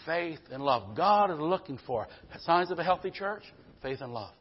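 Emphatic preacher calling out "Amen?". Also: male voice, big pitch swings, moderate pace, breathy edge, lo-fi sound. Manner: emphatic, calls out "Amen?" to the congregation; swings between loud bursts and quiet low passages. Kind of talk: sermon.

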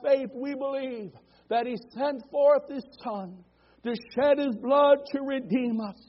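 A man's voice: very high-pitched, measured pace. A male pastor preaching a fervent sermon in a church, calling for amens and building to repeated declarations. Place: church sanctuary. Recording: dull lo-fi church recording.

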